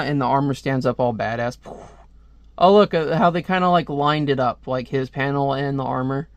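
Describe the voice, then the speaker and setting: A man's voice: mid-range voice, normal speed, dry recording. A man reviewing a comic book in a casual, jokey way, reading panels aloud and laughing at them. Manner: jokey, giggly, jumps into character voices. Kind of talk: casual comic read-aloud with silly voices.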